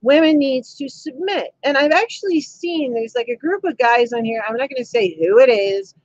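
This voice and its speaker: Her high voice animated and her pace moderate, a livestream host at home reads comments and trades cheeky banter with viewers, laughing often. The camera mic produces dull audio with no echo.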